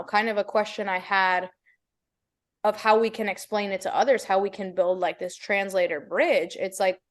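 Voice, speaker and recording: Woman podcast host, middle pitch, lively casual talk. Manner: laughing, expressive, playful asides. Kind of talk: casual spiritual chat.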